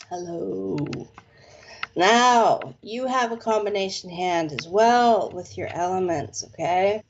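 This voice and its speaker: A woman psychic gives an unhurried, chatty palm reading, sprinkling her talk with playful slang. Her voice sits at an ordinary middle pitch. The recording sounds dull and lo-fi. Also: a little mellow, a little hiss or hum. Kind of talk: casual live palm reading.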